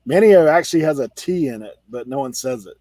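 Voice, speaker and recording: Pitched on the high side and a little mellow, this man's drawling voice belongs to a reseller host from the Outer Banks, North Carolina. He's chatting casually on a video call hangout, full of banter and fillers, laughing often and using "like" a lot. There's no room sound on the dry close mic.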